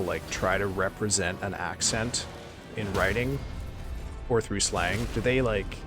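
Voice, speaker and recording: A Canadian man chatting casually with his stream chat while playing a game, wry and prone to joking swears. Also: fairly low pitch. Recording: game music playing behind.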